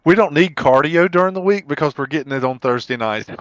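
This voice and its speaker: A man co-commentating an online race broadcast, warmly and enthusiastically praising the drivers. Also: a little high, lively intonation, fast talker, no room sound, highs cut off.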